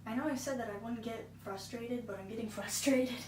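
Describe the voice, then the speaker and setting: A woman's voice: on the high side, fairly quick, darkish tone. A woman vlogger giving casual, self-deprecating commentary while painting along, with exasperated asides. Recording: echoey room, far from mic, noisy.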